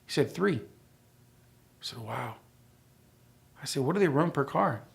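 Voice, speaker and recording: A man's voice: mid-range voice, animated, slow pace, gravelly. A middle-aged man telling his life story as a church testimony, acting out the dialogue as he goes. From United States.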